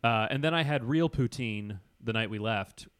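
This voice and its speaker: A man chatting casually on a podcast, rambling through stories with plenty of "uh" and "like". His voice sits at an ordinary middle pitch. The sound is close and dry, with no room around it. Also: normal speed, fairly bright tone, clean tone, no echo. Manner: rambling, enthusiastic storyteller with fillers. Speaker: podcast co-host. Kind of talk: casual chat.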